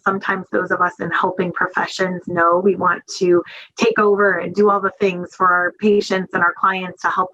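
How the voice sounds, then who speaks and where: A woman's voice: on the low side, fairly bright tone, dull audio. A woman giving a webinar training talk in an earnest, conversational way, with many fillers, over a video call. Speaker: webinar presenter.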